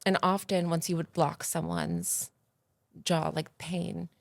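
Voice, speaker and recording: A woman, a podcast guest telling stories in a casual, animated way that grows loud and excited. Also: on the low side, takes it slowly, vocal fry, dry recording. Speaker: podcast guest, agency founder. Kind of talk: casual interview storytelling.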